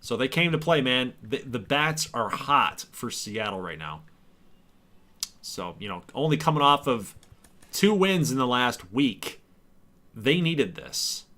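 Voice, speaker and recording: Young guy streaming a baseball game, bright voice, trash talks the players and yells out of nowhere. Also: mid-range voice, measured pace. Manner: trash-talking, excitable, loud outbursts. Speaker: gaming streamer and league host. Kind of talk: live stream game commentary.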